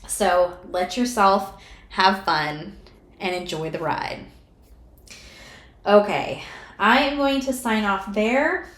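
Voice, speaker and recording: A woman giving a pick-a-card tarot reading in a soft, soothing way, emotional and close to tears as she talks straight to the viewer. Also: mid-range voice, reverberant.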